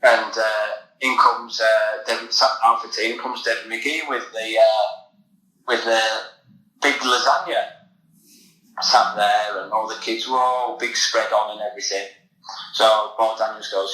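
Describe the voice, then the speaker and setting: Podcast guest: English man with a lowish, bright voice telling a meandering yarn in a roomy space. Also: steady tone, measured pace. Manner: rambling anecdote with many fillers and restarts. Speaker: podcast guest, former footballer. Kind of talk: casual storytelling.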